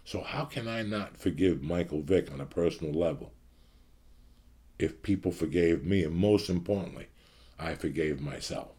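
A man's voice: sits low, normal speed, warm tone, breathy edge. A man in his fifties from the New York area, hosting his show with a blunt, profane rant to his audience. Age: 50s. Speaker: podcast host.

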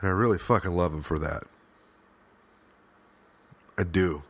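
A podcast host with a very low voice delivers a personal monologue at a measured pace, earnest and openly emotional. He often stops and restarts mid-thought, uses fillers, and swears at times.

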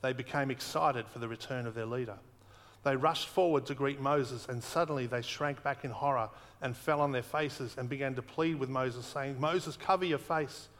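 A man preaching a sermon earnestly, slowing down and repeating words for emphasis. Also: mid-range voice, steady tone, a bit bright, long reverb tail. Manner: earnest, emphatic repetition, slows for weight.

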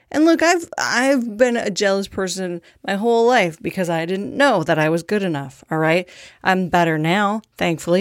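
A woman's voice: mid-range voice, dry recording. Casting note: woman, mid-range voice, blunt and sarcastic, profane, candid solo talk, dry close mic. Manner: frequent laughter and fillers. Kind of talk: candid monologue.

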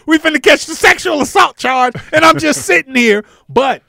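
Male comic co-host, high and very animated, acts out voices, dry studio sound. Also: a little fast, vocal fry, few pauses, no echo. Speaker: co-host, comedian. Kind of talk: casual sports talk radio banter.

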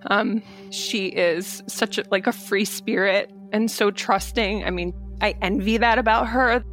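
A woman, the sister of the subject, retelling events with animated disbelief and getting choked up. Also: mid-range voice, a little slow, faint music behind. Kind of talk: emotional retelling.

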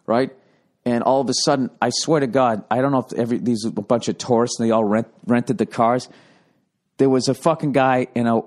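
A middle-aged man and comedian telling a rambling, profane story in a casual podcast monologue with wry asides. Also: medium pitch.

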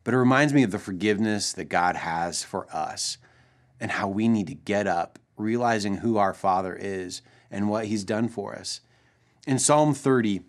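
A man in his thirties, a pastor, telling a family story in an earnest, gentle way for a short devotional. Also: fairly low pitch.

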